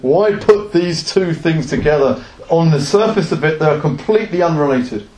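A man's voice: a little high, animated, normal speed, a little mellow. A male preacher giving an earnest sermon, asking the congregation rhetorical questions. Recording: echoey room.

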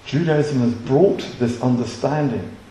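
A man's voice: medium pitch, measured pace, mellow, very echoey, rough recording. A man preaching a sermon, emphatic and full of rhetorical questions.

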